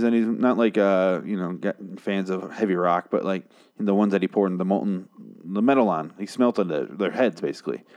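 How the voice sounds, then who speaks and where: A man with a fairly low voice rants through a TV episode recap in a casual, sarcastic way. He swears freely, sounds exasperated, and drops quick mocking voices for the characters. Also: darkish tone. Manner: sarcastic, profane, exasperated ranting; mimics characters in brief jokey voices. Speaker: podcast host reviewing a TV episode.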